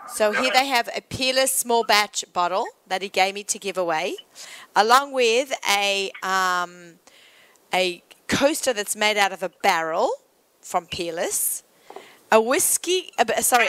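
A woman's voice: medium pitch, sharp tone, no echo. A woman hosting an interview, chatting casually and enthusiastically with her guest. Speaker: podcast host.

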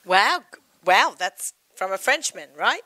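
Lively bright-voiced woman interviewer. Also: mid-range voice, slow, no echo, rough recording. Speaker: interviewer host. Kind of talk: casual interview.

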